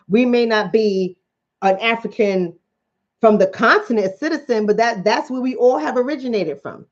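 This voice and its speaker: A woman's voice: fairly high pitch, moderate pace, a little mellow. Blunt woman with a Bronx accent. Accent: New York, Bronx. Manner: blunt, fired-up, profane. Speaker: commentator and coach. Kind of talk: impassioned vlog monologue. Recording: slightly dull lo-fi audio.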